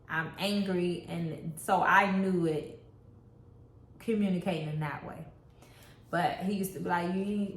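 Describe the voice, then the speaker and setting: A woman speaks candidly and reflectively in a casual relationship chat, her voice sitting a little low for a woman. The room around her is echoey, with a faint hiss underneath. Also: fairly bright tone. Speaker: co-host.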